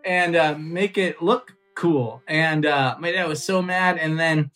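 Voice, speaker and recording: A man telling a personal story as a comedian guest on a podcast, animated and self-mocking, laughing often and loose with fillers. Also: fairly high pitch, slow pace, soft background music.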